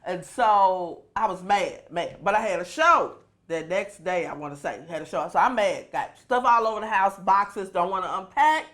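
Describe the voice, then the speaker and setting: A woman's voice: mid-range voice, normal speed, few pauses. A woman comedian, telling a story in casual chat and acting out the people in it. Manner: animated storyteller, acts out quoted voices. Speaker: comedian guest.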